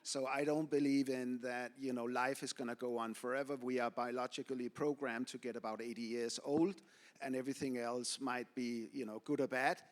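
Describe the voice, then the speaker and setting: A man's voice: mid-range voice, fairly even intonation, moderate pace. Outspoken guy on a panel, opinionated, tells stories to make his point. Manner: blunt, opinionated, anecdotal. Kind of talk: panel discussion.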